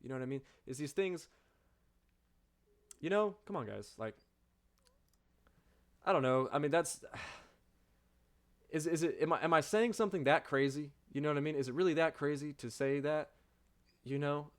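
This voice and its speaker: A man's voice: a little high, normal speed, long pauses. A man streaming a reaction to a video, speaking in a rambling, exasperated way and asking rhetorical questions. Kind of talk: casual reaction commentary.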